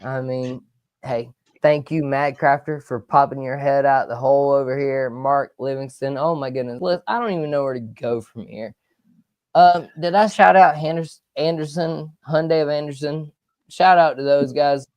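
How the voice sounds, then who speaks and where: Guy hosting a sports show, rambly and loud, dry mic sound. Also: mid-range voice, normal speed, clean tone, no echo, dull audio. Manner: energetic, rambling, loud outbursts. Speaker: podcast host. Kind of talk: live sports talk show.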